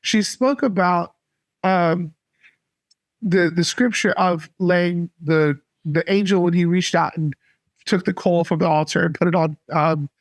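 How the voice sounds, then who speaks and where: A man from North Carolina, a podcast guest, telling a faith story earnestly and haltingly. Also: high-pitched, dry recording. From North Carolina, USA. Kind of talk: casual faith testimony.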